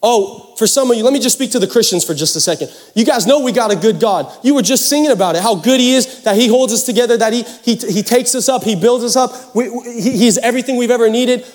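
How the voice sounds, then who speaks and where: A youth pastor from Seattle gives a sermon, telling a joking, animated story to the congregation in a large church hall. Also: male voice, extremely high pitch, fast, few pauses. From Seattle area, United States. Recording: long hall reverb.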